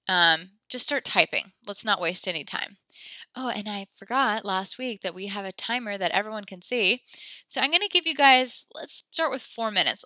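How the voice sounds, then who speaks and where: Over a computer mic in an online French class, a young woman gives instructions in a bright, clear, medium-pitched voice. She's friendly and encouraging, chatting with lots of fillers, and the sound is close and dry with no echo.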